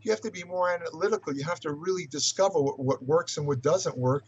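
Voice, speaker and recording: A man's voice: fairly high pitch, fast talker, husky. An older man talking as an interview guest, rambling through stories with many hesitant restarts and chuckles. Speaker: guest, fitness writer. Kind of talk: casual interview storytelling. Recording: muffled lo-fi audio.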